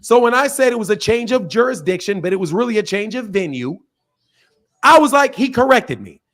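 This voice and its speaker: A man's voice: high-pitched, very animated, brisk, a bit bright. A man hosting a boxing debate stream, combative and blunt, swearing and repeating himself as he talks over the other speaker. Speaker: boxing channel host. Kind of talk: heated live debate.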